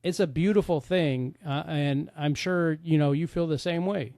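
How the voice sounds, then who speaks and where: A man's voice: fairly high pitch, moderate pace, darkish tone, dry recording. Candid, swearing man, dry close mic. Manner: candid, blunt, swears freely. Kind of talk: casual podcast chat.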